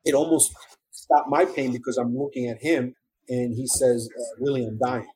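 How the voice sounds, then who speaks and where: A man's voice: mid-range voice, fairly even intonation, moderate pace, a little mellow, breathy edge, poor audio. A middle-aged man with a New York accent, earnestly telling his own survival story in an interview, with emotional restarts. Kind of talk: first-person testimony in an interview.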